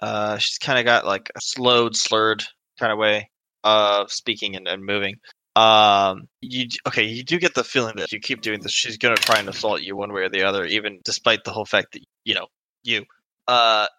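A man's voice: on the low side, fairly even intonation, normal speed, sharp tone, poor audio. A man running a tabletop game as game master, talking loosely with lots of fillers. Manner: loose, chatty, full of fillers.

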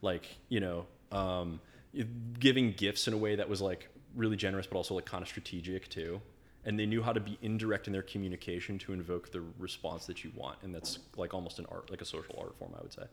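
A guest with a very low voice speaks at a brisk clip. He rambles through his stories and leans on "like" constantly, in a loose, conversational way. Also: animated. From United States. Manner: rambling storyteller, filler-heavy, full of "like". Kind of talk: casual conversation.

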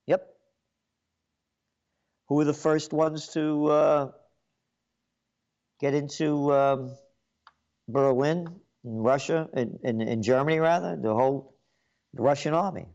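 A man's voice: fairly high pitch, slow, vocal fry, long pauses, a little mellow, lo-fi sound. A man giving an indignant, repetitive political rant as a commentator.

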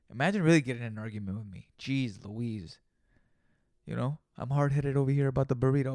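A man's voice: medium pitch, a little fast, creaky, darkish tone, no echo, studio quality. A young man hosting a casual solo podcast, rambling and joking with lots of profanity and playful repeated asides. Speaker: podcast host.

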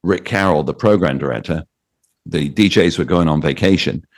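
Deep-voiced British man telling radio stories. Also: moderate pace. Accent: British English. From Britain. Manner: animated anecdotes with quoted voices. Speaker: radio DJ and author guest. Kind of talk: storytelling interview.

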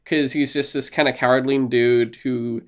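Brief: podcast co-host, male, loose and animated, slips into characters' voices. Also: medium pitch, moderate pace. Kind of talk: casual video game discussion.

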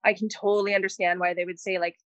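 A woman's voice: mid-range voice, little pitch movement, fast, a bit bright, dry recording. A woman joining the discussion as a guest, speaking earnestly. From Canada. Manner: earnest, agreeing. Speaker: guest panelist. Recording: dry, slightly muffled mic.

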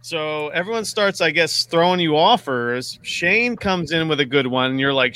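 A man's voice: fairly high pitch, moderate pace, few pauses, pushed and bright, clear, resonant tone, dry recording. A man hosting a casual fantasy football chat, rambling and self-deprecating, with many restarts and some swearing. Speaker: podcast host.

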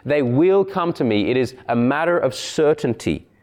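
A man's voice: mid-range voice, expressive, normal speed, a little mellow. A man preaching a sermon, driving his points home by repeating key phrases with shifting intensity.

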